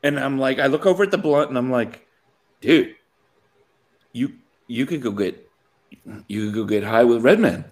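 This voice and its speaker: A man's voice: mid-range voice, lively intonation, normal speed, pauses often. A man casually telling a long funny story to a co-host, acting out the people in it and laughing often.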